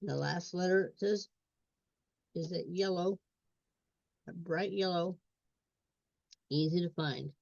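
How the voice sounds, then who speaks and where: A woman's voice: on the low side, slow, vocal fry, pauses often, a little mellow, no echo. A woman tutoring reading in a step-by-step walkthrough, repeating sounds and words. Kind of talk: instructional screen walkthrough. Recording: dull lo-fi recording.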